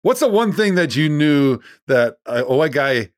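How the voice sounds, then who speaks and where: A man co-hosting a podcast in casual chat, teasing with quick quips. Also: a little high, very animated, no echo, studio quality. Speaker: podcast co-host.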